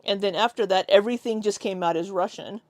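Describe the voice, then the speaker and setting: A woman's voice: mid-range voice, fast talker, no room sound. Young american woman rambling to her stream chat, laughs a ton, dry close mic. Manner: chatty, laughs often, tries out silly accents. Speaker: live streamer. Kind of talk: casual live-stream chat with viewers.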